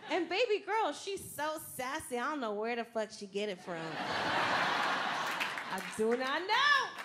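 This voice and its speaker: A woman's voice: sits high, very animated, a little slow, over a noisy crowd. A woman doing stand-up, a mother joking in a sassy, profane, conversational way. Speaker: stand-up comedian. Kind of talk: stand-up routine. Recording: loud background noise.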